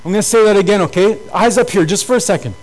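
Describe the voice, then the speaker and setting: A man's voice: high-pitched, fast talker, poor audio. A pastor giving a sermon to his congregation in an earnest, urging way, often repeating phrases.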